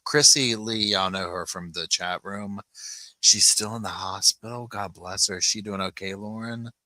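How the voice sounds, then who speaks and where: Low-voiced guy doing a chill livestream from home, chatty and cooing at his pups, bright sharp tone. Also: steady tone, normal speed, no echo. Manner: chatty, coos softly to his puppies. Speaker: livestream host. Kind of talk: casual livestream chat.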